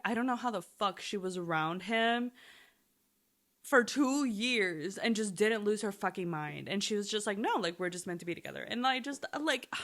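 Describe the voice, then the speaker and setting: A young woman chatting casually about a TV show, animated and swearing often, speaking in quick bursts. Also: medium pitch. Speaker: TV recap vlogger. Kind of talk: casual chat.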